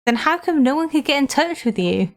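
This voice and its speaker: A woman's voice: sits high, expressive, brisk, a little hiss or hum, pitched above the performer's own voice. A woman voicing an earnest young male defense lawyer from a video game, polite and stammering, with faint game music behind her. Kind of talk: reading game dialogue aloud.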